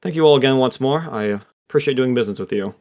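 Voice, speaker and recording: A man's voice: mid-range voice, quick pace, a little mellow, natural voice. A man voicing a polite, formal male dragon in human form in a tabletop game. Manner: courteous, formal.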